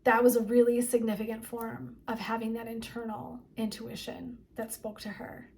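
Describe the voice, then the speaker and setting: A woman speaks as a wellness coach and therapist, giving a motivational talk straight to her viewers. Her voice sits a bit higher than most, and her delivery is chatty and emphatic. She leans on "like" and keeps checking in with "right?". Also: level tone, normal speed, darkish tone. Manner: chatty and emphatic, frequent 'like' and 'right?'.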